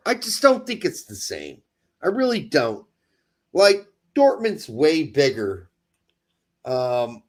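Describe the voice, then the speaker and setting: A man co-hosting a casual soccer chat, ranting and mocking claims in quick sarcastic bursts. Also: mid-range voice. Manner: animated, ranting, sarcastic mimicry. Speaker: podcast co-host.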